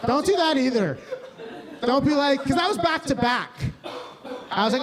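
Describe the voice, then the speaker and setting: A very high-pitched comedian with lively intonation speaks a little fast and pauses often during a live bar performance. He rambles crudely and breaks off mid-sentence, backed by audience laughter and crowd noise.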